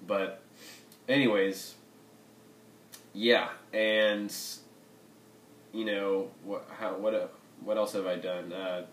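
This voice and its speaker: Low-voiced young man rambling in an echoey room. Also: slight background noise. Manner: rambling, frequent fillers and self-corrections. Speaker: gaming channel host. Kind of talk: rambling casual chat to viewers.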